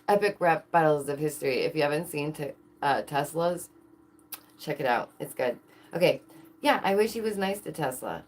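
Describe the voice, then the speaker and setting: Woman vlogger, low-ish voice, casual and excitable, rhetorical questions, quick laughs. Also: a little hiss or hum. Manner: excitable, asks viewers many rhetorical questions, laughs often. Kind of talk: casual chat to camera.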